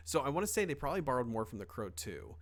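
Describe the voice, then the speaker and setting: A man's voice: medium pitch, very animated, racing, fairly bright tone. A young man co-hosting a podcast, talking casually with lots of fillers, restarts and offhand swearing. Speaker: podcast co-host. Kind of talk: casual chat.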